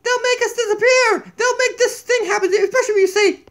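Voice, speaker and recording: A man voicing a silly, fart-obsessed male donkey puppet who is jumpy and easily scared, talking in a squeaky, giggly way in a home kitchen on a tablet mic. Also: fairly even intonation, brisk, a bit bright. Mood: cheeky. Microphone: tablet camera mic.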